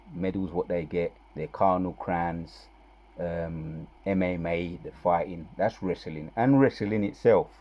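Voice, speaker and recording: Man teaching scripture with slow emphasis. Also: sits low, slightly rough. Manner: reads verses slowly with loud, drawn-out emphasis; conversational, with tag questions and fillers between verses. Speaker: bible teacher.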